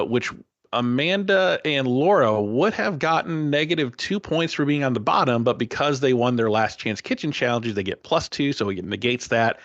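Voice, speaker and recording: A man hosting a podcast, recapping a cooking show in a casual, animated way. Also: mid-range voice, no echo, lo-fi sound. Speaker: podcast host.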